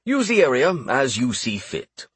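Formal, gracious male king in an audiobook, raised pitch, husky edge, put on by a male narrator. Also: very animated, a little slow, fairly bright tone, no echo, exaggerated voice. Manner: formal, courteous.

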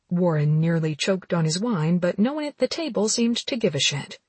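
Woman audiobook narrator, husky low voice, dry close mic. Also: moderate pace, hardly any pauses, a little mellow, no room sound. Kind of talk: scripted romance narration.

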